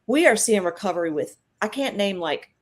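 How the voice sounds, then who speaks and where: A woman's voice: medium pitch, expressive, fairly quick. A middle-aged woman, guest on a live stream, telling an emotional faith and healing story in a chatty, earnest way.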